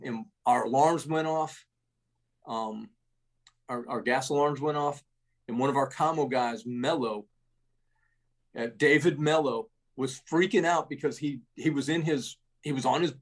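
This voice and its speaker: A man's voice: mid-range voice, normal speed, long pauses. A middle-aged man, an army veteran, telling war stories in a rambling, salty way, full of restarts and tags like "man" and "right?". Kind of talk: casual war storytelling.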